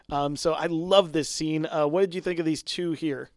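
A man co-hosting a podcast, chatting casually about a TV episode, animated and laughing often as he acts out the characters' lines. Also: on the high side, moderate pace, few pauses, no room sound, clean studio sound. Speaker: podcast co-host. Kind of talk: casual chat recapping a TV episode.

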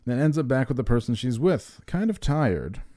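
Male podcast co-host; mellow, relaxed timbre, jokey and a bit crude. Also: medium pitch, moderate pace, dry recording, studio quality. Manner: joking, profane, rambling. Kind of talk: casual podcast banter.

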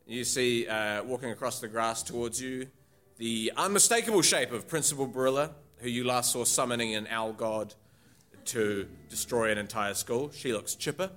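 A man narrating a tabletop role-playing game as game master. His delivery is casual and halting, full of fillers. His voice sits in a middle pitch. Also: a bit bright.

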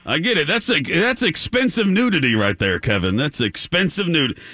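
A pushy, blustering tough guy on a radio prank call, as a male host puts him on. He talks with swaggering bravado and sounds a touch higher than the man's usual voice. The studio sound is dry and close. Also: expressive, fairly quick, pushed and bright, dry recording. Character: brash macho man caller haggling over a snowmobile.

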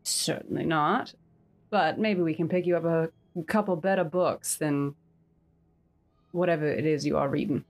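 A woman's voice: low-pitched, steady tone, moderate pace, voice pushed down. A woman voicing a poised adventurer in formal, courtly phrasing. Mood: probing.

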